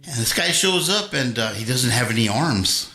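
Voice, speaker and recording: A man's voice: mid-range voice, expressive, moderate pace, pushed and bright, slight background noise. A man chatting casually with his livestream viewers between songs, rambling and telling corny jokes. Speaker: livestream host and guitarist. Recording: roomy echo with faint guitar.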